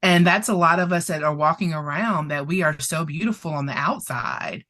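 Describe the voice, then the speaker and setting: Low-pitched, bright-toned woman telling a story. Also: normal speed. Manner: expressive, laughs often, gets emotional. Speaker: guest presenter, therapist. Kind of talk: animated storytelling in conversation.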